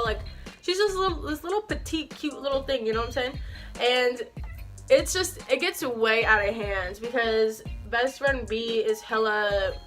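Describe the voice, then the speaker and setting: A woman's voice: fairly high pitch, fairly bright tone. A young woman telling a personal story for her vlog, swearing often and packing her speech with "like", in a heated and indignant way. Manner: heavy swearing, frequent "like" fillers. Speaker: vlogger. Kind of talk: storytime monologue. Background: faint background music.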